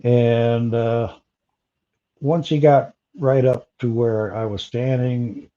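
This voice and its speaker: A man telling an interviewer about a personal encounter, pausing often with fillers and restarts. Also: mid-range voice, steady tone, warm tone, highs cut off. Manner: halting, many fillers and restarts. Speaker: interview guest.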